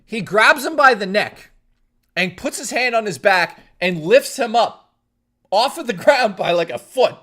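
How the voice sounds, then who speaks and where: A man streaming from home, telling a long anecdote to his chat in a casual, profane, lively way. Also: high-pitched, a little slow.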